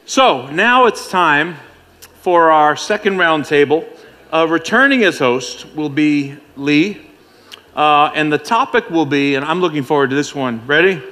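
A man's voice: a little high, lively intonation, a little slow, pushed and bright. A man emceeing a conference, bantering and joking with the audience in a playful, teasing way. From United States. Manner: playful, teasing, self-mocking.

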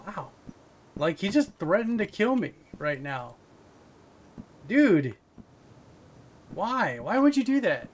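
Lively high-voiced man playing a game. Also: measured pace, long pauses, faint music behind. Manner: jokey, jumpy reactions with loud outbursts. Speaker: game streamer. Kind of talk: let's play commentary.

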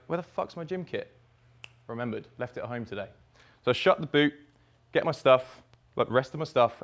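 A young man telling a personal story in the present tense as a speaker at a summit, swearing freely. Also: mid-range voice. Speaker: speaker at a fitness business summit. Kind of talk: storytelling keynote talk.

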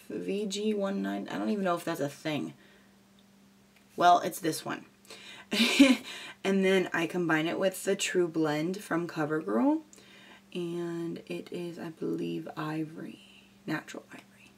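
A woman's voice: on the low side, a little slow, vocal fry. A young woman chatting casually and goofily while doing a makeup tutorial. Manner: goofy, chatty and rambling. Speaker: beauty vlogger.

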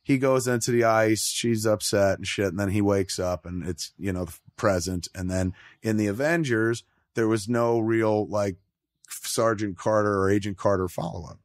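A middle-aged man hosting a casual chat, talking in an animated, profane way and acting out lines in quoted voices. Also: on the low side, moderate pace, few pauses, dry recording, studio quality. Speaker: podcast host.

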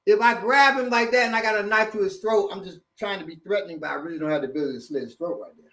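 A man with a notably high speaking voice runs a hands-on self-defense demonstration. He jokes as he goes and often repeats words while showing the moves. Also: very fast. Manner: animated, jokey, repeats words.

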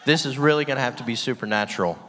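A man's voice: mid-range voice, rapid-fire, fairly bright tone, some chatter behind, slight background noise. A man preaching a sermon with energy and emphasis, asking the room rhetorical questions and laughing often. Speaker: guest preacher. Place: church hall with long reverb. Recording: reverberant church hall.

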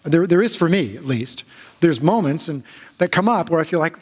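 A man's voice: a little high, animated, husky. Man preaching in a reverberant church. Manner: halting storytelling with frequent restarts. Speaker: pastor. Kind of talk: conversational sermon. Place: church sanctuary.

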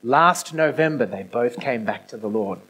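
A male pastor giving a conversational sermon, moving between quiet, intimate passages and raised, emphatic ones. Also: medium pitch, lively intonation, normal speed, husky, low-quality recording. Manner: conversational preaching with swings from soft to emphatic. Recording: no video, audio only.

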